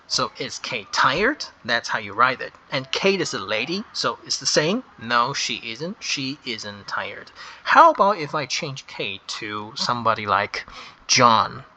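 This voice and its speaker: A man walks through a grammar lesson at a very slow, deliberate pace. His voice is bright and sharp, and he leans on the key words as he explains. The delivery is patient and step by step. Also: medium pitch. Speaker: English grammar teacher.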